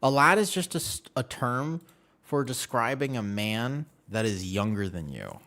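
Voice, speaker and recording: In casual live-stream chat, a twenty-something game streamer jokes and rambles with his audience. He has a mid-range, sing-song voice with a sharp tone, and his pace is a little slow.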